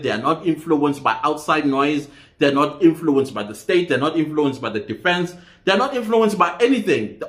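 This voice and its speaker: A man's voice: mid-range voice, a bit bright, roomy sound. A man hosts a channel, reading viewer comments aloud and reacting to them in casual commentary, often laughing.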